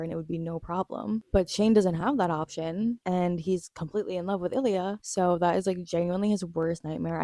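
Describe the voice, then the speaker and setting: Gushing young woman with a dark, mellow voice. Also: lowish voice, no echo, studio quality. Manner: gushing, animated, swears casually, laughs often. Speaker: vlogger recapping a TV episode. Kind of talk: casual excited recap chat.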